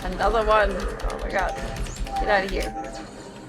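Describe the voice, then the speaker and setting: A woman's voice: medium pitch, flat delivery, a little slow, loud music behind the voice. A young woman livestreaming a video game, rambling casually and adding playful silly noises between her asides. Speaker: streamer. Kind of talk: casual gaming livestream chat.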